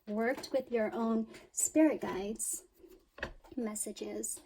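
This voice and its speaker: A woman's voice: a little high, fairly even intonation, very slow, dark tone, slight background noise, low-quality recording. A woman giving a spiritual tarot reading, talking straight to her listener in an emphatic, soothing way, with sighs and quoted worries. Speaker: tarot reader.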